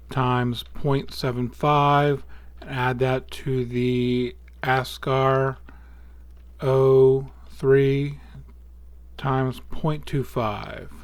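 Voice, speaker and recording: A man talks at an ordinary middle pitch, walking through software steps in a relaxed, thinking-aloud way and catching his own small slips. His voice is picked up close and dry at a home desk, with no room sound around it. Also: clean tone, no room sound. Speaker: astrophotography tutorial host. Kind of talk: casual screen-recorded software walkthrough.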